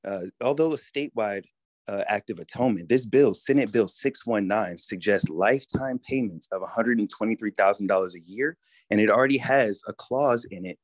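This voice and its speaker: Low-voiced man giving a halting public comment. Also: no echo. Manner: hesitant, many fillers. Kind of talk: public comment at a town assembly.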